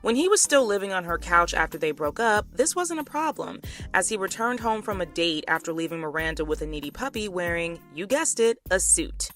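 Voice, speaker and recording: A woman's voice: lowish voice, expressive, brisk, hardly any pauses, a bit bright. A woman vlogger giving a casual, sarcastic commentary recap of a TV couple. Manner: chatty and sarcastic.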